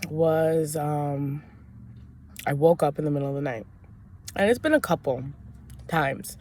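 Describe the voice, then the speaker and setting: A woman's voice: lowish voice, a little mellow. A young woman telling a personal story in a casual vlog, chatty and rambling with many fillers and restarts. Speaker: vlogger.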